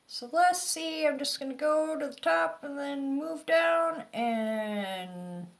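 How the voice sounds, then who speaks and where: A woman's voice: sits high, slow, vocal fry. A woman from Michigan's Upper Peninsula with a Yooper accent, giving chatty, rambling psychic readings on a live stream. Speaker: psychic reader. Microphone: phone or webcam on a live stream.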